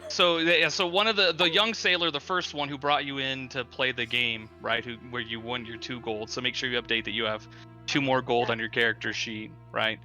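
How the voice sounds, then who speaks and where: A man's voice: mid-range voice, steady tone, normal speed, pushed and bright, faint music behind. A man narrating as game master of a tabletop game in a casual, filler-heavy way.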